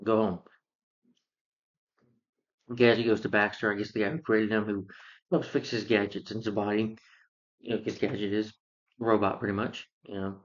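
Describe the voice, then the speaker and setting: A man's voice: fairly low pitch, level tone, fairly quick. Rambling male film reviewer, lo-fi sound. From lives in Georgia, US. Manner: rambling, filler-heavy retelling of the plot. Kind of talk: casual spoken film review.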